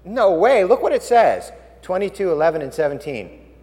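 Pastor, male, lively high voice, dramatic hushed-to-loud delivery, reverberant church hall. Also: normal speed. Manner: animated storytelling, swinging from hushed to loud. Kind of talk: sermon.

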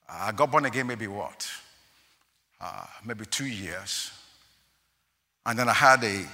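Male pastor, sermon, very bright tone, animated storytelling, exclaiming, long hall reverb. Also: mid-range voice.

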